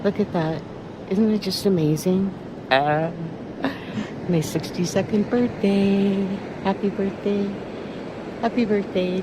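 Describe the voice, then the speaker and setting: A woman's voice: medium pitch, fairly even intonation, slow, noisy background. Rambling, tearful woman in her sixties. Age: 60s. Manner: rambling, tearful and wistful, laughing softly. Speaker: vlogger. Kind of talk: emotional personal vlog. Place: outdoors by the water.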